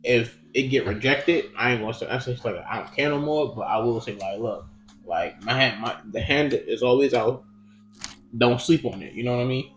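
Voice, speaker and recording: A man's voice: mid-range voice, a little fast, soft background music. A young man telling a personal story in casual chat, rambling and profane with lots of fillers. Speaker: podcast co-host. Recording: roomy echo.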